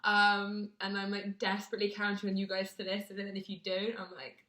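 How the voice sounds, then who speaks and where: A woman's voice: medium pitch, completely flat delivery, brisk, pushed and bright. Chatty self-deprecating British woman. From Britain. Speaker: vlogger. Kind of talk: casual chat to camera. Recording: echoey room.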